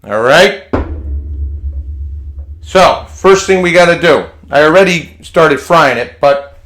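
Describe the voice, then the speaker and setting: Slow, chatty man. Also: on the high side, lively intonation, a bit bright, soft background music. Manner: chatty and folksy, repeats words and restarts phrases. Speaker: home cooking vlogger. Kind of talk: casual cooking demonstration. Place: home kitchen.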